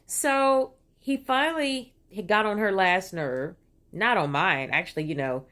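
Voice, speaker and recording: A woman's voice: fairly low pitch, normal speed. A middle-aged woman telling a personal story in a casual, digressive way, with lots of "you know" and "right?", and putting on voices when she quotes people. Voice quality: animated, puts on voices when quoting people. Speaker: vlogger.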